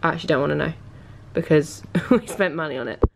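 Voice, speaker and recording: A woman's voice: sits low, fast, gravelly, noisy background. A young woman vlogger telling a travel story to camera in a chatty, casual way, laughing often and dropping dry asides.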